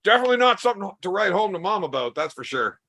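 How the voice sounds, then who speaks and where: A man's voice: high-pitched, sing-song, rapid-fire, sharp tone. A man hosting a podcast in casual chat, teasing his guest with crude, profane banter. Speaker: podcast host.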